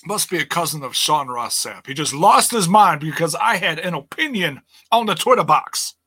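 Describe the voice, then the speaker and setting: A man's voice: lively intonation, normal speed, sharp tone, breathy edge, no echo. A man hosting a podcast, ranting casually and swearing freely, on a close mic. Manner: ranting, swears freely, mocks others in a high voice. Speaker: podcast host. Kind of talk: casual solo podcast rant.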